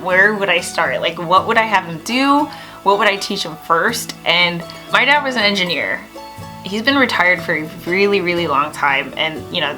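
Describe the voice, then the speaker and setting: A young woman talking straight to camera in a casual vlog, gushing and excitable, with lots of "like" and "oh my gosh.". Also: fairly low pitch, poor audio. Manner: excitable, gushing, many filler words. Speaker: vlogger.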